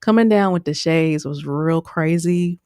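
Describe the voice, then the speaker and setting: A woman's voice: low-pitched, measured pace, darkish tone, clear, resonant tone, no echo, clean studio sound. A woman giving a casual, chatty recap of a reality episode, laughing often and acting out what others said. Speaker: show reviewer.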